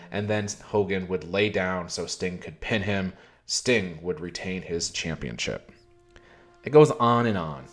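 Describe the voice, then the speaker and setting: A man narrating a history video in a wry, conversational way, adding emphatic asides. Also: fairly low pitch. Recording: voice over loud music bed.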